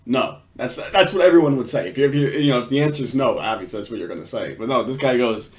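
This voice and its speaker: A man's voice: medium pitch, fast. A man giving casual reaction commentary on a video, swearing freely, laughing often and restarting his sentences.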